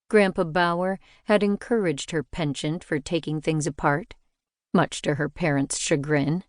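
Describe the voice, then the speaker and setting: A woman narrating a mystery novel in a measured, even storytelling delivery. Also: low-pitched, smooth, no room sound, clean studio sound. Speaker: audiobook narrator. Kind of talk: scripted narration.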